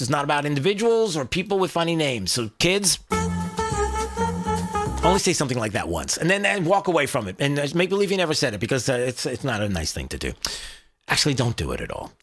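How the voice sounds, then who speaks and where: A man's voice: mid-range voice, a bit bright. An American man hosting a political talk radio show, sarcastic and rambling with many fillers.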